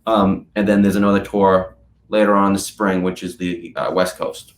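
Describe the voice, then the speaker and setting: A man's voice: low-pitched, moderate pace. A young man being interviewed as a guest drummer, telling stories animatedly and saying "like" often. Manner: animated storyteller, many "like" fillers. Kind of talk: casual interview chat. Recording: echoey room.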